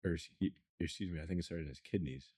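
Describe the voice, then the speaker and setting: Deep fast-talking male podcast host. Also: warm tone, husky, no room sound, clean studio sound. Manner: quick, brief affirmations. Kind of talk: casual interview.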